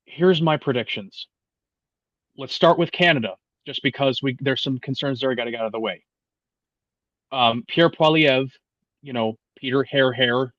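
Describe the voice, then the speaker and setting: A man in his twenties, a podcast guest talking politics in a casual, profane, animated way with many restarts. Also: mid-range voice, no echo, dull audio. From United States. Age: 20s.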